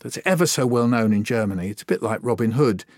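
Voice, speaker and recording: A man's voice: lowish voice, lively intonation, fast, no echo, studio quality. An older man, a guest poet and children's author telling anecdotes in a conversational interview and acting out remembered dialogue. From Britain.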